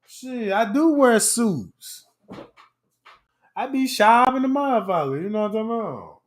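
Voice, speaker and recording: High-voiced man telling jokey stories. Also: animated, moderate pace. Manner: slangy, keeps asking "you know what I'm talking about". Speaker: host of an open chat stream. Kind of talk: casual comedic storytelling.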